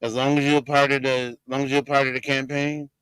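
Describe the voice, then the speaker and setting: A man's voice: medium pitch, flat delivery, quick pace, a bit bright, clear, resonant tone, no room sound, rough recording. A man hosting a casual podcast, laid-back and talkative, often repeating himself as he talks. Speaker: podcast host.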